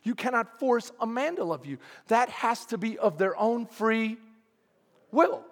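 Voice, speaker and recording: A pastor preaching with a strikingly high-pitched male voice. He drives his points home emphatically and keeps calling out to the congregation. The sound rings with a long reverb, as in a church sanctuary. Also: lively intonation, measured pace. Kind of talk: sermon.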